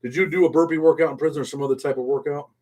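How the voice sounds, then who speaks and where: A middle-aged man hosting a casual live stream, reading chat and talking bluntly in street slang, dropping "man" after nearly every phrase. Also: rapid-fire. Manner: swings from low mumbles to loud excited outbursts.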